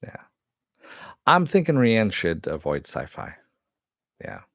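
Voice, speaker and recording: A man's voice: on the low side, wildly swooping pitch, takes it slowly, vocal fry, dry recording. A man hosting a casual live-stream chat, answering viewers and swearing now and then. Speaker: host.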